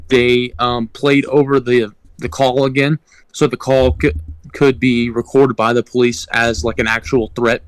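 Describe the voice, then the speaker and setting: A man's voice: medium pitch, dry recording, low-quality recording. A young man co-hosting a podcast, telling a work story casually, rambling with ums and restarts. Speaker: podcast co-host.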